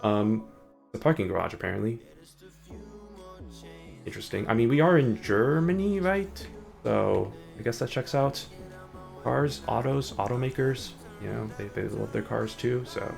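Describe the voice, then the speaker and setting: A man's voice: mid-range voice, animated, unhurried, vocal fry, pauses often, a little mellow. A young adult man streaming a game, chatting in a rambling way with lots of fillers. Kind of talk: casual gaming chat. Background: faint background music.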